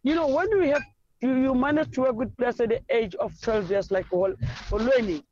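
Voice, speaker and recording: A woman's voice: a little high, moderate pace, darkish tone, dull audio. A South African woman football coach answering interview questions in an effusive, rambling storytelling way.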